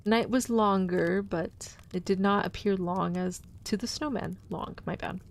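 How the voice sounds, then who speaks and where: A woman's voice: medium pitch, moderate pace, gravelly, slight background noise. Chatty woman streamer reading aloud. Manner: chatty, playful asides to chat. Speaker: vtuber host reading a story. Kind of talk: casual storytelling stream.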